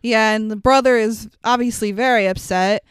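A woman casually recapping a film with a co-host, animated and swearing, acting out the lines she quotes. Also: a little high, normal speed, clean tone, no room sound, studio quality.

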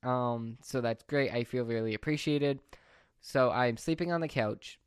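Rambling young man, smooth dry voice. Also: medium pitch, measured pace, no echo. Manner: rambling, excitable, self-correcting. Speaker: vlogger. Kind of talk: casual storytelling to camera.

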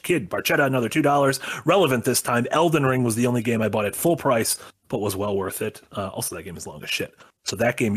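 A man with a husky, medium-pitched voice co-hosts a casual stream. He's upbeat and encouraging while thanking donors.

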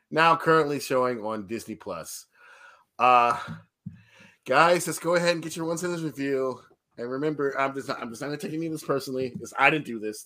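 Playful, bright-voiced male host. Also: medium pitch. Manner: playful, laughs often, mock-defensive. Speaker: podcast host. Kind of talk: casual chat reviewing a show.

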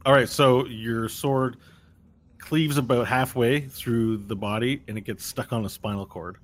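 A man narrating as game master of a tabletop game, describing scenes in a relaxed way and correcting himself as he goes. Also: medium pitch, measured pace.

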